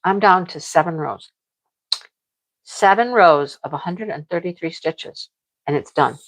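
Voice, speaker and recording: A woman's voice: lowish voice, measured pace, low-quality recording. Middle-aged lady rambling on about her crochet stuff, super chatty, says things twice. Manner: chatty, rambling, repeats herself. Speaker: crochet vlogger. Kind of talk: casual chat to viewers.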